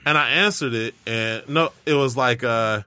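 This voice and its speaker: A man's voice: mid-range voice, moderate pace, smooth, no echo, clean studio sound. A man hosting a podcast who chats casually and tells stories, swearing freely. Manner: animated storytelling, swears freely. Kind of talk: casual chat.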